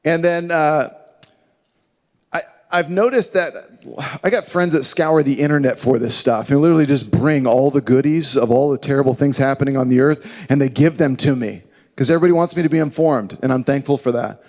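A man preaching a sermon, earnest and emphatic, slowing down and dropping to a hush when he quotes scripture. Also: mid-range voice. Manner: earnest, emphatic preaching with slow dramatic drops to hushed quotes. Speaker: pastor. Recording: long hall reverb.

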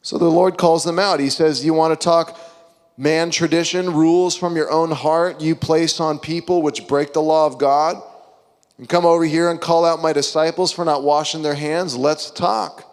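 A young man preaching with a lively, conversational delivery, slipping into quoted voices to make his point. His voice sits a little high for a man. It rings out with a long hall reverb. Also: normal speed. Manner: animated, conversational, acts out quotes. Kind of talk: sermon.

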